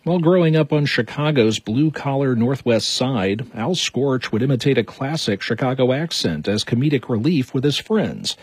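A man, a news anchor, reading a scripted intro in a steady, formal voice. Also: medium pitch, moderate pace, hardly any pauses, breathy edge, no room sound.

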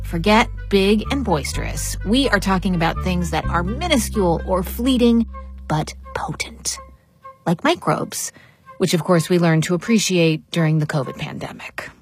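A woman hosting a radio show, reading scripted narration in a measured, polished way. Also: lowish voice, animated, soft background music. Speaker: radio host.

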